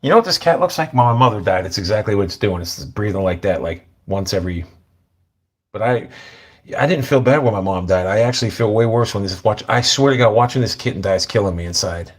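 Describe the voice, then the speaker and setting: A middle-aged man talking in a casual, rambling monologue, blunt and full of swearing, often sinking to a low mutter. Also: lively intonation, fast. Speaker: vlogger.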